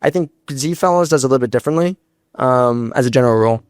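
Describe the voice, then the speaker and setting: Fast-talking young man telling stories. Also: mid-range voice, clean tone, no room sound, studio quality. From United States. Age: young adult. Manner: animated, fast storytelling with acted-out quotes. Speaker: startup founder, guest speaker. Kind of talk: storytelling on stage. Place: stage before a large live audience.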